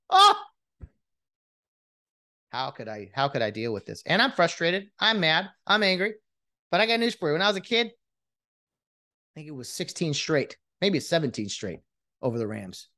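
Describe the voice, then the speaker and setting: A man vents about football in a casual rant, his pitch leaping and falling as he goes. He sounds exasperated and mocking, stumbling over restarts as the words pile up. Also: huge pitch swings, moderate pace, bright, forceful tone. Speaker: sports commentator venting as a fan.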